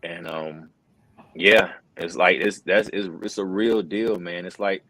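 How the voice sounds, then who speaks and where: Middle-aged male interview guest, very deep voice, earnest and casual, lots of "bro". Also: steady tone, a little slow, sharp tone, poor audio. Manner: earnest, says "bro" and "man" a lot, many restarts. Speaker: wrestling commentator, interview guest. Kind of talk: casual conversational storytelling.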